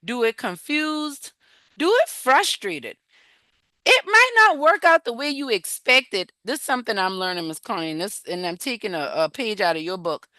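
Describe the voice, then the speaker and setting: A woman coaching a support group, retelling scripture in an animated, encouraging, conversational way. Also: fairly high pitch, normal speed, no room sound. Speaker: emotional wellness coach leading a support group. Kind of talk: faith-based coaching talk retelling scripture.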